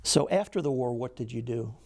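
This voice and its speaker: A man interviewing a veteran, gently prompting him with questions. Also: mid-range voice, animated, brisk, gravelly. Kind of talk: oral history interview.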